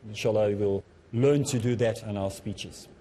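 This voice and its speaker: A man with a South African accent giving a steady lecture on public speaking, calling himself a bit monotonous. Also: on the low side, normal speed, a little hiss or hum. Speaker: Islamic teacher.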